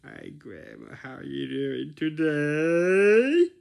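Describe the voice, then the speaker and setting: A man imitating a boy greeting his grandma in a drawn-out, exaggerated sing-song tone. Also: on the high side, sing-song, vocal fry, pitched above the performer's own voice, exaggerated voice. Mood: silly.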